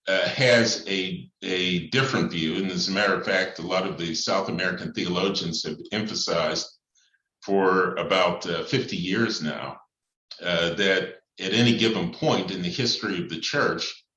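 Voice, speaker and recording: Deep-voiced priest thinking out loud, lots of uhs, echoey room. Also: male voice. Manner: thoughtful and measured, with frequent pauses and fillers. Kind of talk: reflective talk on church and society. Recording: echoey room, slightly dull sound.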